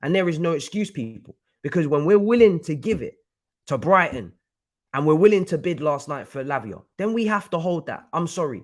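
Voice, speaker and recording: Angry football fan ranting. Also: male voice, fairly high pitch, very animated, brisk. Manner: angry, swearing, repeats himself. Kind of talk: heated live-stream rant.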